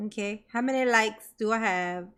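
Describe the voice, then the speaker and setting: A woman's voice: medium pitch, normal speed, a bit bright, clean tone. A woman streamer giving casual, sarcastic reaction commentary, laughing and mocking as she talks.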